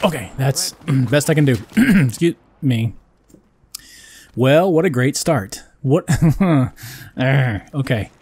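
A man's voice: mid-range voice, expressive, unhurried, darkish tone, slightly rough. A man hosting a gaming channel, giving casual, joking commentary while he plays and swearing when things go wrong. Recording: faint noise with game gunfire behind.

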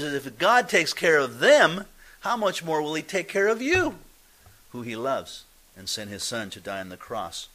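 A male pastor delivering a sermon in a church. His voice is bright and ringing, and he moves between forceful emphatic lines and quieter, hushed asides. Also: mid-range voice, poor audio. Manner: emphatic, swings from loud to soft. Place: church sanctuary.

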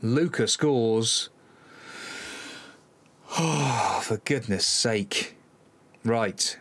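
A man's voice: mid-range voice, very slow, fairly bright tone, breathy edge. A man hosting a football management let's-play, commenting live on the match, exasperated and sighing, talking to his players. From Cornwall, England.

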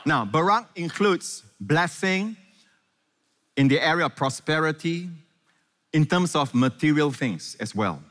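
A man preaching a sermon to a congregation, often quizzing them with quick questions. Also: on the high side, expressive, fairly bright tone. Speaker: pastor. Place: large church hall before a congregation. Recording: echoey hall.

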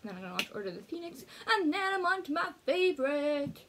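A young woman chatting casually to the camera, excitable and giggly, slipping between bubbly chatter and hushed asides. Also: sits high, fast talker, noisy background. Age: young adult. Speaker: art student vlogger.

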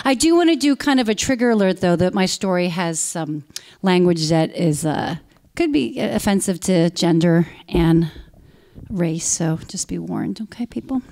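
A woman in her forties, an actress telling a personal story live on stage into a handheld mic, animated and bursting into loud quoted lines. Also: on the low side, moderate pace. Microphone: handheld stage microphone.

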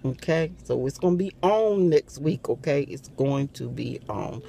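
A woman's voice: very deep voice, animated, creaky, dark tone, a little hiss or hum. A woman in casual chat to camera as a couponing vlogger, dramatic and playful, hollering and laughing. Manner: dramatic, hollers and laughs often, slow drawn-out delivery.

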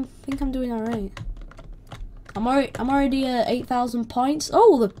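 A woman with a British accent giving casual gameplay commentary, excitable, yelping when attacked and trash-talking playfully. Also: high voice, a little hiss or hum. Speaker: gaming video creator.

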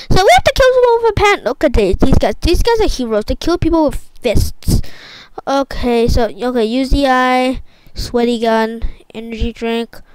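A young woman commentating her own gameplay, excitable and repetitive, often exclaiming. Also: sits high, dry recording, poor audio. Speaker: gaming YouTuber.

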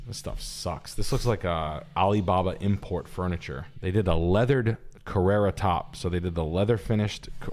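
A man in his thirties hosting a casual show, giving blunt, profane rapid-fire opinions on house listings. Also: sits low, darkish tone. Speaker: host reviewing house listings. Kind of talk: casual podcast chat.

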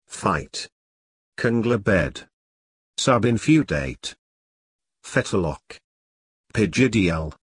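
A man reads out a vocabulary list, one word at a time, very slowly. His voice is husky and fairly low, and its pitch rises and falls a lot from word to word. The recording is dry and close, with no room sound. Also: no room sound.

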